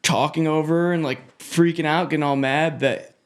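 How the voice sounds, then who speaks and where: A man's voice: a little high, steady tone, normal speed. A man co-hosting a podcast, telling a customer service story in casual chat with laughs along the way. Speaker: podcast co-host.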